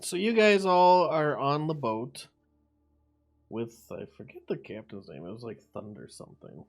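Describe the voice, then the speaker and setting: A man with a mid-range, creaky voice speaks at a normal speed in an animated way. He's acting as dungeon master for a tabletop game, explaining the rules, narrating the scene, and steering the other players back on track.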